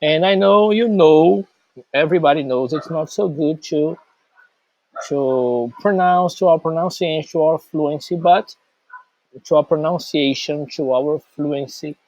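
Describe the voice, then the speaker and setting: A man giving an English vocabulary lesson, speaking slowly and listing words one at a time with pauses. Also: a little high, a little mellow, no room sound, muffled recording. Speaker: English teacher. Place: outdoors, rain starting.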